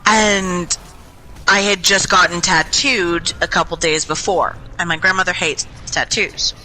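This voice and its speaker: A young adult woman casually telling a long, rambling story over game voice chat, chatty and animated, swearing freely. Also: on the low side, unhurried, poor audio. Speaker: gaming group member. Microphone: headset or desk mic in online voice chat.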